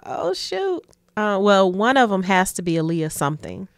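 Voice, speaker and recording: A woman from Detroit, a guest in a casual interview, telling relaxed stories and laughing often. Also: mid-range voice, normal speed, no room sound, studio quality. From Detroit, USA. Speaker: guest, community advocate.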